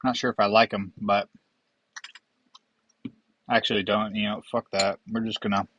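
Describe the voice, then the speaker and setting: A man's voice: fairly low pitch, level tone, normal speed, fairly bright tone, slight background noise, poor audio. A young man hosting a casual whiskey tasting, rambling and joking with profane asides. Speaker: whiskey vlogger.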